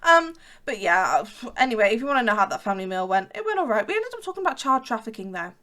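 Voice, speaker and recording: A woman's voice: medium pitch, big pitch swings, rapid-fire, fairly bright tone. A woman in her twenties from the West Midlands of England with a fairly posh English accent, chatting casually and rambling with lots of ums while narrating her gameplay. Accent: English, fairly posh southern-leaning. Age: 20s. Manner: rambling, frequent ums and restarts, chatty asides. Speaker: gaming YouTuber. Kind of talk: casual chat over gameplay.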